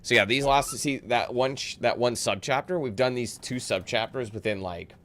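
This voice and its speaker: A man's voice: medium pitch, moderate pace, a bit bright. A man giving casual gameplay commentary, laid-back and rambling, with joking asides.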